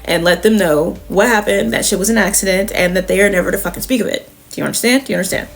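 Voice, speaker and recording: A woman's voice: mid-range voice, quick pace, gravelly, faint music behind, lightly acted. A woman voicing a stern, hard-edged mother who gives curt, profane orders.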